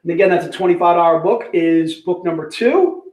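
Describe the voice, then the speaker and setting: A high-voiced man runs a casual livestream sale, talking fast and friendly to viewers. He keeps circling back to prices and item numbers with slangy asides. His voice bounces around an echoey room. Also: darkish tone. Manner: chatty, repeats prices and book numbers, says "bad boy" and "dude". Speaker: livestream sales host. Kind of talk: casual livestream sales pitch.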